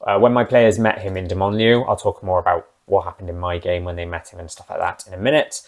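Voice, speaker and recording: Low-voiced man chatting about his game. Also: little pitch movement, quick pace. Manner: chatty and rambling, with asides. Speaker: game master and channel host. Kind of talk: casual talk about a tabletop game character.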